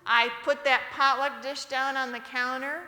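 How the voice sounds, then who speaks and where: A woman's voice: sits high, level tone, unhurried, pushed and bright. A woman giving a sermon in a church, often asking the audience questions, in an echoey church hall. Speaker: church speaker.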